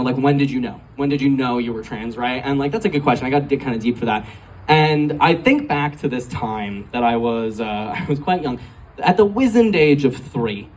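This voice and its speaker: A man in his twenties doing a stand-up comedy set, telling a rambling story full of "like" and frequent giggles. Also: mid-range voice. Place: comedy club stage. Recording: distant live club recording, faint room noise.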